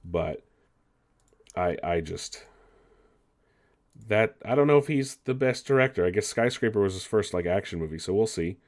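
A man's voice: lowish voice, lively intonation, normal speed, pauses often, a little mellow. A man casually running through entertainment news as the show's host, chatty and loose, swearing and laughing at himself now and then.

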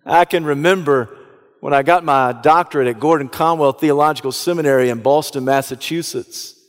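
A Southern American man preaching with a slightly high voice, retelling the story in an animated, dramatic way and breaking into loud bursts. His voice rings out with a long reverb, as in a large hall. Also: a little fast. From Southeastern United States. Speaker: pastor. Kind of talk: sermon storytelling.

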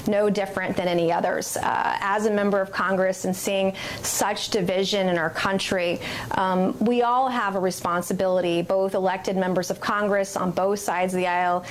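A woman who is a member of Congress, giving a measured statement in a televised interview, pausing on fillers and restarting phrases. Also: medium pitch, steady tone, a little hiss or hum.

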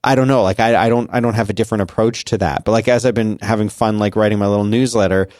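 A man's voice: on the low side, steady tone, fast talker, darkish tone, no room sound, clean studio sound. A man in his forties chatting casually on a podcast, rambling with many restarts and fillers. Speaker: podcast co-host. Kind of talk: casual conversational chat.

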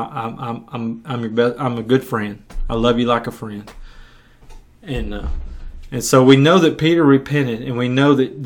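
A male preacher retelling scripture in a sermon, speaking conversationally and often repeating words as he goes. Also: medium pitch.

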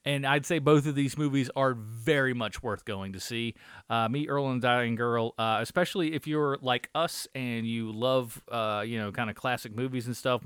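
In a studio-quality recording without echo, a man with a mid-range voice that is a bit bright, clear and resonant co-hosts a film review podcast. He chats casually and rambles, swearing often and using lots of fillers.

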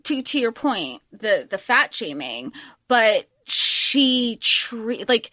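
A woman co-hosting a podcast, chatting casually about a movie in an animated, emphatic way with quick asides. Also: a little high, dry recording, clean studio sound. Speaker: podcast co-host.

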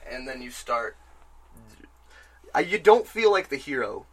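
A man in casual podcast chat about a video game, rambling and excitable, swearing freely. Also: medium pitch, measured pace.

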